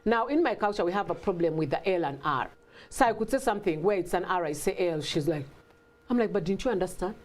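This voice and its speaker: Animated Ugandan woman telling stories. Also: fairly low pitch, quick pace. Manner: animated, acts out family dialogue with laughter. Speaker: guest. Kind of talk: casual interview talk.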